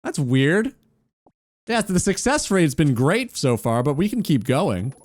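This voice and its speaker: A man's voice: a little high, big pitch swings, unhurried, no room sound. A man chatting casually on a gaming stream, teasing and mock-incredulous.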